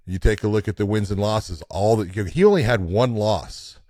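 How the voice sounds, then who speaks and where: Low-voiced man explaining steadily. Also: normal speed, darkish tone, no echo. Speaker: podcast co-host. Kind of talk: casual podcast conversation.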